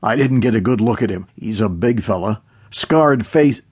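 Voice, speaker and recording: A man narrating an audiobook voices a frightened male agent who talks in a hurried, nervous way. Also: on the low side, expressive, a little mellow, husky.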